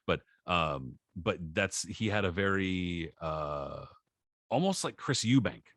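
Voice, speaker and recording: A man co-hosting a podcast, chatting casually in a halting, slangy way with many restarts. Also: deep voice, very animated, a bit bright, no room sound, clean studio sound. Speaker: podcast co-host. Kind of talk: casual chat.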